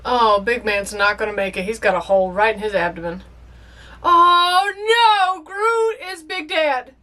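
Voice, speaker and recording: Watching a film for the first time, a young woman responds in a bright, high-pitched voice at an unhurried pace. Excitable and emotional, she addresses the characters on screen directly.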